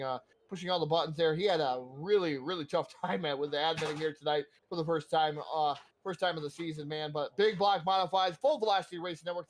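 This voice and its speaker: A man hosting post-race interviews for an online racing broadcast, upbeat and a little out of breath. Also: fairly high pitch. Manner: upbeat, hurried, slightly out of breath.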